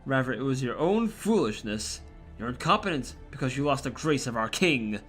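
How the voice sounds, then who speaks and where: A man's voice: medium pitch, big pitch swings, normal speed, a bit bright, slightly rough, soft background music. A man voicing a cold, gloating male villain mage in a game, lecturing with contempt.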